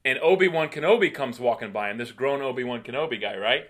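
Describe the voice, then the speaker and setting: A middle-aged man co-hosting a podcast, ranting animatedly in casual chat and getting loud with exasperation. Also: medium pitch, expressive, fast. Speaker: podcast co-host.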